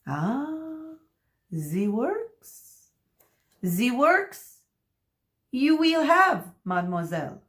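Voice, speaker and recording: A woman voicing a flamboyant male hairstylist, grand and drawn-out. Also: sits high, very animated, a bit bright, voice pushed up, heavily acted. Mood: theatrical. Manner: grand, drawn-out, sing-song.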